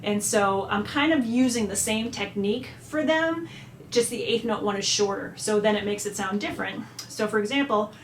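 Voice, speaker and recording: A woman at middle pitch walks through an instrument lesson in a chatty way, now and then singing short phrases out on syllables. The room is echoey, with faint ambience behind her. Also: normal speed, slight background noise. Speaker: music teacher.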